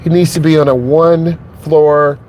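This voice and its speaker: A man's voice: a little high, steady tone, moderate pace, a little mellow, slight background noise. A middle-aged man, a driving instructor, talking earnestly and emotionally to his viewers from inside his truck while driving, repeating his points and checking in with "okay?". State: emotionally shaken.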